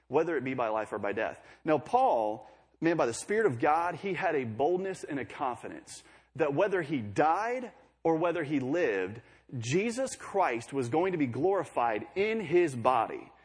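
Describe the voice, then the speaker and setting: A man's voice: medium pitch, breathy edge. A young man preaching a sermon in a conversational way, with joking asides between scripture readings.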